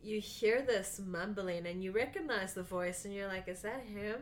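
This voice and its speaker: A woman co-hosting a casual movie podcast, effusive and quick to laugh as she gushes about films. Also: mid-range voice. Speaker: podcast co-host. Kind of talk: casual movie review chat.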